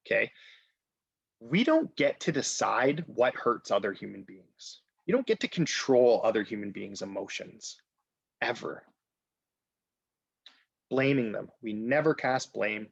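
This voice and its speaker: A man's voice: mid-range voice, sing-song, a little slow, vocal fry, pauses often, breathy edge, no room sound. A man presenting a training webinar, earnest and direct, often checking in with "okay?". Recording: dull lo-fi webinar audio.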